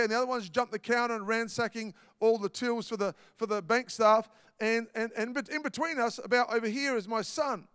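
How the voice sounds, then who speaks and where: A man's voice: extremely high pitch, a bit bright, clear, resonant tone, no room sound, clean studio sound, long reverb tail. A man preaching a sermon, emphatic and repetitive, telling stories to make his point. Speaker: pastor.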